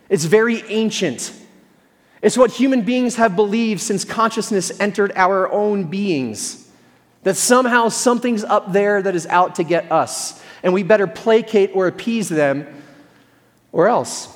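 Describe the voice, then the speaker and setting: A man's voice: sits high, normal speed, big-room sound. A male pastor giving a sermon in a conversational, storytelling way with self-deprecating humor.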